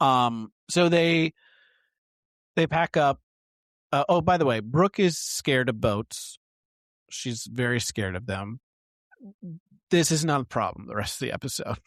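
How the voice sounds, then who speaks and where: A man's voice: mid-range voice, measured pace, long pauses, no echo. Chatty man co-hosting a podcast. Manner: chatty, animated, lots of fillers. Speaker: podcast co-host. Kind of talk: casual chat recapping a TV show.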